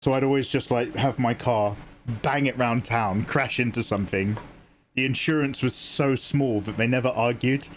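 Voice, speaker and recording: A man's voice: mid-range voice, normal speed, a little hiss or hum. Rambling British man chatting on stream. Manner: rambling, chatty storytelling with casual swearing. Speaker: art streamer. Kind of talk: casual live-stream chat.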